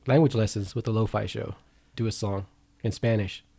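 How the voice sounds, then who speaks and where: A man's voice: on the low side, steady tone, normal speed, gravelly, warm tone, breathy edge. A man hosting a podcast, swearing casually and pushing the segments along. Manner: bossy, swearing, running the segments. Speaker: podcast host. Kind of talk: casual crude banter.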